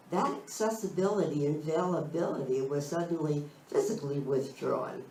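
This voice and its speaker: A woman minister giving a slow, thoughtful spiritual talk, searching for her phrasing as she goes. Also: deep voice, a little mellow. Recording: roomy sound from a distant mic.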